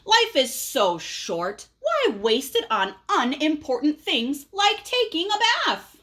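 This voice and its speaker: A fussy little pigeon, as a woman reading aloud puts him on, whining through one excuse after another in a high, swooping voice. He stretches his complaints out slowly, sulky and stubborn about his bath. It sounds like a picture book read to children. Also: very animated, bright, forceful tone, exaggerated voice. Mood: stubborn, grumpy. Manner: whiny, drawn-out excuses. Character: stubborn grumpy young male pigeon avoiding a bath.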